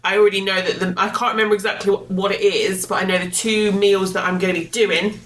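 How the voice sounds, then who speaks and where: A woman's voice: medium pitch, flat delivery, fast talker, distant mic. A woman co-hosting a podcast in casual chat, teasing and matter-of-fact. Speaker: podcast co-host. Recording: echoey room with faint hiss.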